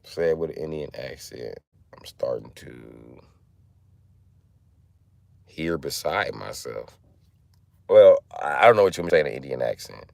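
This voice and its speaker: A man's voice: extremely low pitch, lively intonation, measured pace, vocal fry, pauses often, a little mellow, no room sound. A man chatting casually on a phone livestream, joking loosely and answering viewers.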